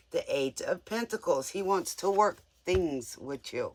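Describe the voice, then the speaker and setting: A man's voice: high voice, lively intonation, measured pace, few pauses, slight background noise. A man giving a casual live tarot reading in a playful, joking way, often giggling. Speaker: tarot reader.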